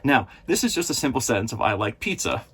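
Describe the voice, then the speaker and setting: A man's voice: medium pitch, very animated, fast, a bit bright, slightly rough. A man teaching guitar in a casual, chatty and encouraging way, recording on the road in an RV. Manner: chatty, encouraging, repeats himself. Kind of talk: casual video lesson.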